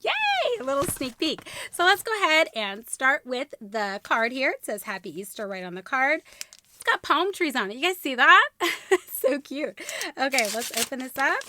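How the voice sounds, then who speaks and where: A young woman chats through an unboxing, her high voice leaping about as she gushes and squeals over each gift. The tone is bright and sparkly, and a faint hiss sits under the recording. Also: sing-song, normal speed. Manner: gushing, squealing with delight. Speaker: YouTube host unboxing a gift box. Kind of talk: bubbly unboxing vlog.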